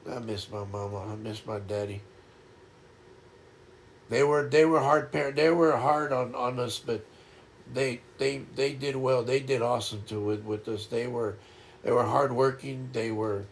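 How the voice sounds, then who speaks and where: An older man hosting a casual livestream chat, talking in a reflective, halting way and often repeating words as he starts over. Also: medium pitch, steady tone. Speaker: livestream host.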